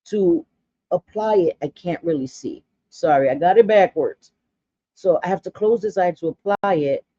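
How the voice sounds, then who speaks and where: A woman's voice: on the low side, dark tone, dry recording. Lady in her 40s gabbing thru her makeup, sassy n blunt, a bit muffled and dry. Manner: blunt, gossipy, dramatic asides. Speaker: makeup vlogger. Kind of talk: casual chatty makeup tutorial.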